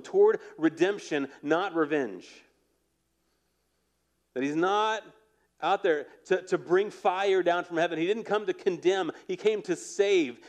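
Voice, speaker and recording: A male pastor delivers a sermon in a relaxed, conversational tone, acting out the scenes as he goes. His voice sits slightly high for a man. At key moments he sinks into a soft, low, intimate hush. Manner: conversational, animated storytelling with acted quotes.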